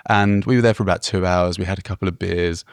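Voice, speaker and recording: Low gravelly-voiced man telling a story. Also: steady tone, quick pace, no room sound, clean studio sound. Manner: rambling, chuckling, self-deprecating. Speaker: podcast co-host. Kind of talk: casual travel storytelling.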